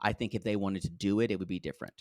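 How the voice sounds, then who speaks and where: A man co-hosting a casual podcast, blunt and quick to laugh and swear. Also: low-pitched, fairly even intonation, dry recording, clean studio sound. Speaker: podcast co-host.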